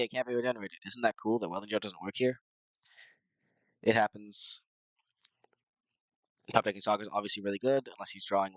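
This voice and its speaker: Low, nasal-voiced man, a bit sick. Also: fairly bright tone, dry recording, poor audio. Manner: rambling and unsure, with many fillers. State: a little sick. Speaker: card game player commentating his matches. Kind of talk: casual gameplay commentary.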